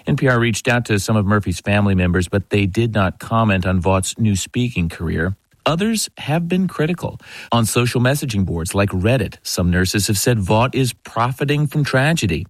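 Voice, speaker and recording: A man reporting a news story in a measured, steady, scripted delivery. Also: medium pitch, no room sound.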